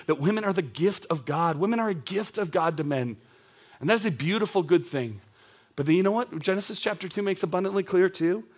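A man in his thirties preaching a sermon to young adults, conversational and animated, with casual asides. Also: fairly high pitch.

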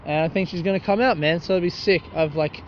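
Talking fast in a fairly high voice, a young man rambles through a solo podcast on a nighttime city street, holding his phone as he speaks. He curses, pokes fun at himself and cracks up at his own jokes. The recording is dull, with faint traffic and passers-by audible.

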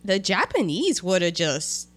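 A woman co-host chatting casually, animated and quick to laugh. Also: fairly low pitch. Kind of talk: casual chat.

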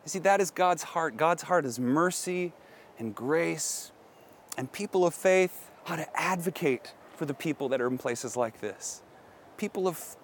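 A middle-aged pastor preaching outdoors, earnest and musing aloud with questions. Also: male voice, a little high, fairly bright tone, a little hiss or hum. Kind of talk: outdoor sermon. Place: outdoors at a historic site.

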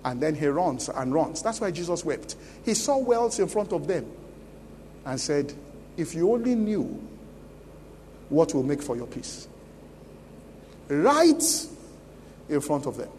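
A man's voice: on the high side, very animated, slow pace, long pauses, darkish tone, long reverb tail, a little hiss or hum. A Nigerian man preaching a sermon as pastor at a church conference, emphatic and often asking the congregation questions. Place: large church conference hall.

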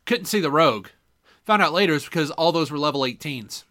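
A man on a casual podcast talks in a high, bright voice that swings widely as he tells his story. He is animated and profane and laughs often. He is recorded on a desktop condenser mic. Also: brisk. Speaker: podcast co-host. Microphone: desktop USB condenser mic.

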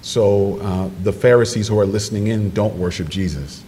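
A man preaching a sermon, animated storytelling that jumps into excited quoted voices. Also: fairly low pitch, moderate pace. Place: church sanctuary. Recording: distant microphone in a reverberant church hall with noise.

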